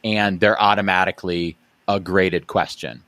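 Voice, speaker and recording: A man's voice: low voice, fairly even intonation, moderate pace, bright, forceful tone, no room sound. A man hosting an education podcast interview, chatting casually with plenty of fillers and restarts. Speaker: podcast host.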